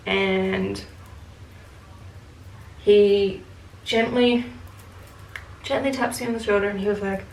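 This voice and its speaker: A young woman vlogger telling a story while doing her makeup, chatty and blunt, swearing freely and mimicking others in quotes. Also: mid-range voice. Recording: echoey room, faint ambience.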